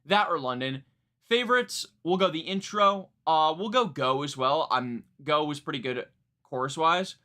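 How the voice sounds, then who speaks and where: Man, live stream reaction chat, rambling, bright tone, slightly high voice. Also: animated, normal speed. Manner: rambling, many fillers and restarts, laughs at himself.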